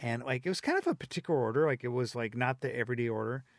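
A man's voice: medium pitch, expressive, very fast, no room sound, studio quality. A man talking as a podcast guest, opinionated and rambling with many fillers. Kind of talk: casual chat.

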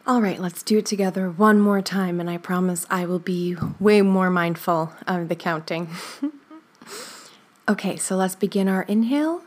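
A woman leading a guided breathing exercise, counting slowly and softly with gentle, encouraging words. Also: on the low side. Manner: slow, soothing counting with soft whispered stretches; gentle encouraging asides with light laughs. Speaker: breathing instructor.

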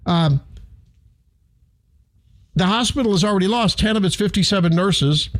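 A middle-aged man, talking on the radio in a slightly high register. He rambles through his monologue with animated, self-deprecating asides. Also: quick pace. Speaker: radio show host. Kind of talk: casual talk radio monologue. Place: radio studio.

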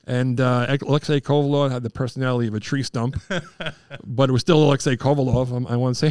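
A middle-aged man from Long Island telling stories in a casual chat, excitable and quick to put on high voices for the people in his tales. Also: clear, resonant tone, no echo, clean studio sound. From Long Island, New York. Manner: excitable, jumps into high-pitched impressions of people.

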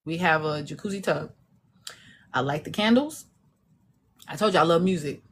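A woman's voice: low voice, moderate pace, slight background noise. A woman, an indie author, chatting casually and animatedly, acting out voices with laughter and salty language. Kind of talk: casual chat.

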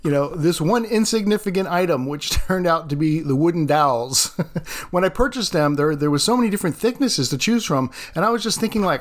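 A man's voice: fairly high pitch, lively intonation, a little fast. A man who teaches art, hosting his own podcast and telling a classroom story in a casual way, laughing often.

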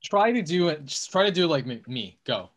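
A man's voice: fairly high pitch, very animated, normal speed, fairly bright tone. A man hosting a podcast, teasing and sarcastic in casual chat, swearing freely. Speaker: podcast host.

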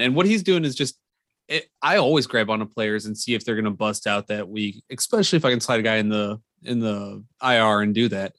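A man's voice: mid-range voice, fairly bright tone, no echo, clean studio sound. Joking man co-hosting a podcast. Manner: teasing, joking. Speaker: podcast co-host. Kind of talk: casual podcast chat.

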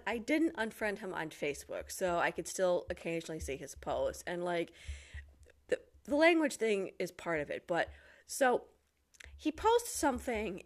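An American woman telling a story in casual chat, full of fillers and quick asides. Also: mid-range voice. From United States. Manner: animated storytelling, lots of fillers.

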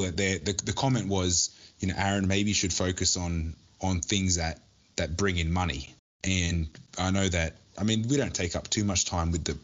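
A man co-hosts a casual podcast chat in a very low voice. He jokes around and often restarts his sentences. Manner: joking, restarts often, laughs at own jokes. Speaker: podcast co-host.

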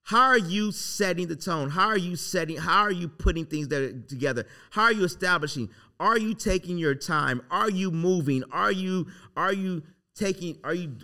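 Bright-voiced excited man preaching. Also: a little high, normal speed. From Southern California. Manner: rambling, excited, repeats "like" and "literally". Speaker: podcast host. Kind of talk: casual motivational talk.

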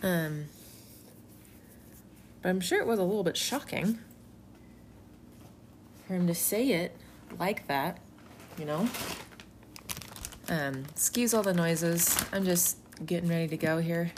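A woman's voice: fairly low pitch, slow, pauses often, background noise. A young adult woman reflecting casually on a Bible story, rambling and informal with many "you know" and "like" fillers.

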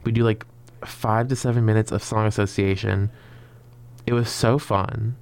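A man's voice: on the low side, fairly even intonation, normal speed, vocal fry, darkish tone, clean tone. A young man telling a rambling storytime in a chatty, filler-heavy way, dramatically acting out his own past lines. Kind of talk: casual storytime vlog.

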